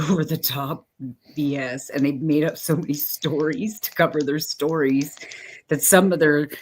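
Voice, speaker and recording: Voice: medium pitch, fairly even intonation, normal speed, slight background noise. A live-stream co-host chatting casually and rambling, laughing often and filling talk with "like".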